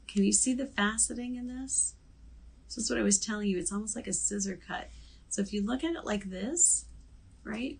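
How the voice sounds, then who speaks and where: A woman's voice: mid-range voice, vocal fry, slightly rough, poor audio. A middle-aged woman hosting a live online jewelry sales show, chatty and joking as she describes each piece in detail.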